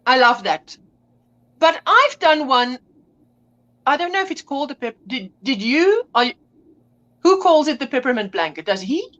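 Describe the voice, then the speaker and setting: A woman hosting a casual crafting chat on a video call, eager and exclaiming, firing off quick follow-up questions. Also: high voice, big pitch swings, a bit bright, lo-fi sound. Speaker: host.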